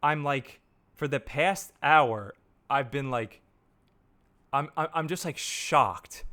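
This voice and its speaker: Guy with a slightly high voice ranting to camera, lots of stammering restarts and cussing. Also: slow, pushed and bright. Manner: rambling, stammering restarts, frequent swearing. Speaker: marketer reviewing software. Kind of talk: casual unscripted rant to camera.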